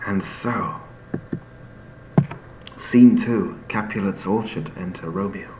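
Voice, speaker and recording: A man explaining a play in an unhurried storytelling manner, sometimes restarting with fillers as he searches for words. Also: deep voice, background noise. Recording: echoey room with faint ambience.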